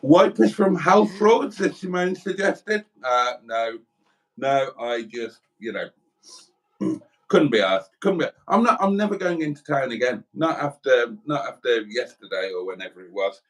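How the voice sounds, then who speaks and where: A man's voice: mid-range voice, lively intonation, unhurried, fairly bright tone. Man, middle-aged, livestream host, rambling and self-deprecating, ordinary mid-range voice. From South Wales. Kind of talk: casual livestream chat reading comments.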